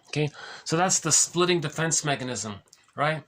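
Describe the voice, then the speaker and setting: A man's voice: on the high side, animated, normal speed, a bit bright, slight background noise. A man giving an informal spoken lesson, explaining ideas conversationally, often restarting sentences and ending points with "right?". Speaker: lecturer on psychology.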